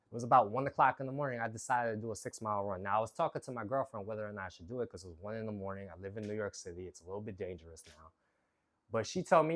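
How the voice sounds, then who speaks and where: A man talking straight to the camera, telling a personal story in a loose, candid way. He gets animated as he acts out what he told himself and lets the swearing slip out. His voice sits at an ordinary male pitch. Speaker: vlogger.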